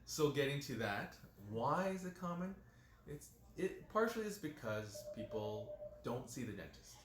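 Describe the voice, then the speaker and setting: Man, dentist, relaxed anecdotal interviewee, mid pitch, roomy echo. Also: moderate pace, a little hiss or hum. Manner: relaxed storytelling, many "you know" fillers. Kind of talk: casual interview talk. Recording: echoey room with faint ambience.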